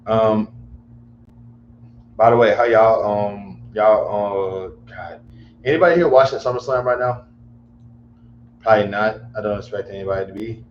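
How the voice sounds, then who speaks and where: A man's voice: on the low side, moderate pace, long pauses. A man hosting a casual livestream chat, rambling and repeating himself in exasperation. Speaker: livestream host. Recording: echoey room, dull lo-fi mic, faint hum.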